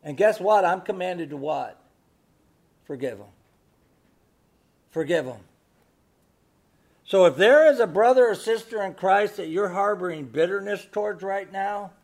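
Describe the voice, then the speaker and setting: A man with a high, light voice preaches a sermon. He drops to a near hush while telling a story, then builds to loud, emphatic exhortation. He keeps asking the congregation rhetorical questions. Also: vocal fry. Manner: swings between hushed storytelling and loud exhortation. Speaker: pastor.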